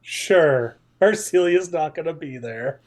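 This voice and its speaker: A player with a mid-pitched voice jokes dryly during a tabletop game. The delivery stays relaxed and deadpan. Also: takes it slowly, a crowd in the background. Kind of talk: tabletop role-play chat.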